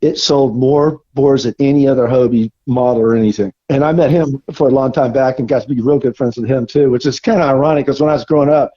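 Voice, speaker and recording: An older man from the Florida Gulf Coast, a surfer guest telling animated stories in an interview and acting out what others said. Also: medium pitch, fast talker, few pauses. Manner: animated storyteller, acts out quoted voices. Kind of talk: casual storytelling interview. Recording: dull lo-fi recording.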